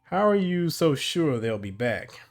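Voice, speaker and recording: A man's voice: a little high, very animated, a little slow, faint music behind, voice pushed up. A man voicing a suspicious lieutenant who makes dry, muttered remarks. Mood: wry. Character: suspicious young male lieutenant, wry nobleman.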